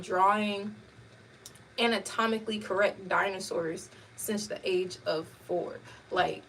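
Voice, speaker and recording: A woman hosting a casual live chat, telling stories in an animated way and laughing often. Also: medium pitch. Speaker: host. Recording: distant mic with faint background noise.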